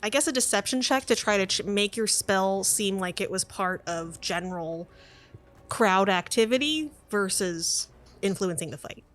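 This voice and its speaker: A woman's voice: medium pitch, lively intonation, normal speed. A woman narrating as game master, chatty and laughing, with frequent "uh" restarts.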